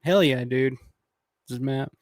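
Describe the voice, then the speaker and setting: A man's voice: medium pitch, measured pace, no room sound, studio quality. A man in his thirties hosting a casual livestream, reading viewer comments and rambling with lots of swearing and restarts. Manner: rambling, profane, many restarts. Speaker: channel host.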